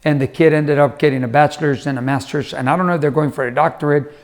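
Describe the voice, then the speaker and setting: A man's voice: on the high side, fairly even intonation, quick pace. A middle-aged man giving a conversational motivational talk, telling family stories and acting out the voices of the people in them. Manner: conversational, acts out quoted voices. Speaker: motivational speaker.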